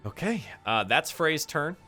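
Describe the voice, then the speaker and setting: A man's voice: fairly high pitch, unhurried, soft background music. A man narrating a tabletop game as game master, playful and full of fillers. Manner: lively and playful, with many fillers.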